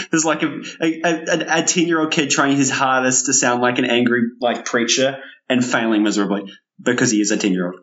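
A man playing a tabletop game, excitable and jokey, at times putting on a kid's voice. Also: brisk, dull audio. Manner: excitable, breaks into a squeaky kid voice. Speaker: player.

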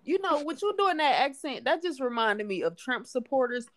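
A woman's voice: high-pitched, very animated, moderate pace, fairly bright tone. A woman co-hosting a casual chat, talking bluntly and profanely in a ranting way.

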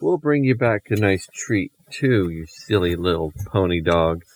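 A man's voice: low-pitched, animated, unhurried, a little hiss or hum. A man voicing a sweet but dim young girl in a bedtime story, cooing and dopey.

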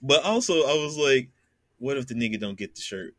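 A young man laughs his way through a long story on a casual podcast, imitating the voices of its characters. He talks fairly quickly in a mid-range voice with big pitch swings, and the audio is very noisy.

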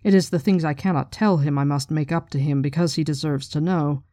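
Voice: medium pitch, steady tone, a little fast, dark tone, no echo, natural voice. A reader voicing a proud ship captain woman. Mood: formal. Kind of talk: reading a novel passage aloud.

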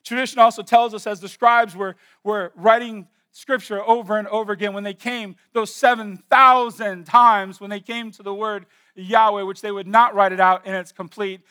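A pastor with a high, bright voice preaching in a church. His tone is crisp and clear, and he drops to a near hush to stress a phrase, then rises into loud, declaring lines. He dwells on single words with slow, deliberate repetition. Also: fairly even intonation. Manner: swings from hushed emphasis to loud declaration. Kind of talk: sermon.

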